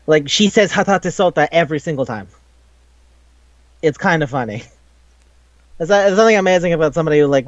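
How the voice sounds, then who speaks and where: A man's voice: fairly high pitch, dry recording. A man co-hosting a casual anime recap podcast, swearing often, laughing and acting out the characters' lines. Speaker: podcast co-host. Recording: dull lo-fi sound, dry room.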